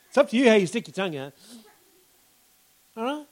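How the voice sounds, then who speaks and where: An Australian man preaching a sermon in an animated way, acting out reactions and bursting into shouts. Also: high voice.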